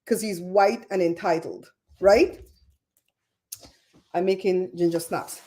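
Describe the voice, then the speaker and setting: Gossipy middle-aged lady running a live stream, animated, laughs a lot, mellow tone. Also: medium pitch, slow, long pauses, slight background noise. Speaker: livestream host. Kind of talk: casual livestream chat.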